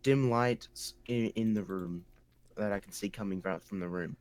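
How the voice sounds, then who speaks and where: A sleepy man with a somewhat low voice takes part in a tabletop game. He mumbles and trails off as he talks. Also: normal speed, a little mellow, clear, resonant tone, no echo. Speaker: player.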